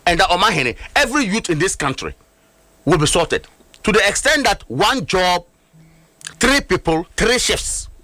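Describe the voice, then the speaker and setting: A man's voice: high-pitched, bright, forceful tone, no echo. A middle-aged man with a Ghanaian accent giving heated political commentary, emphatic and full of rhetorical questions. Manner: emphatic, rhetorical, switches between languages.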